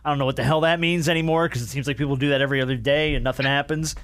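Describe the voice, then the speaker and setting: A man's voice: mid-range voice, steady tone, very fast, a bit bright, clean tone. A man hosting a casual sports podcast in an easygoing way, moving the talk from topic to topic. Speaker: podcast host.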